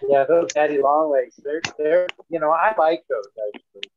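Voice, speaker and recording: A man's voice: on the high side, fairly even intonation, moderate pace, a little hiss or hum. An easygoing man in casual chat, chiming in and laughing along. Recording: tinny, dry phone-like line.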